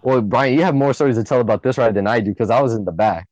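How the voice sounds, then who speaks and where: A young man co-hosting a podcast, telling a group story in casual chat, animated and swearing often. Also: medium pitch, fast, no echo, dull audio. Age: young adult. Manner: animated, swears a lot, acts out friends' lines. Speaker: podcast co-host.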